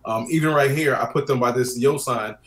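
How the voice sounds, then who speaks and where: A man's voice: medium pitch, fairly quick, fairly bright tone. A man talking casually as a guest about wedding photography, telling stories and acting out his clients' lines. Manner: chatty storyteller, acts out clients' lines. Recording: roomy echo.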